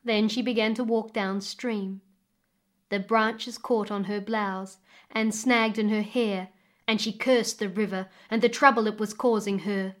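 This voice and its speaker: A woman storyteller reading a folk tale aloud in a measured, expressive way. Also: medium pitch. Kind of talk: storytelling narration.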